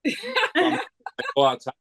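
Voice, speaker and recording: Speaking quickly and with a fairly bright tone, this New England man is a podcast guest spinning long, loose anecdotes full of restarts. It's casual storytelling, and the audio quality is rough.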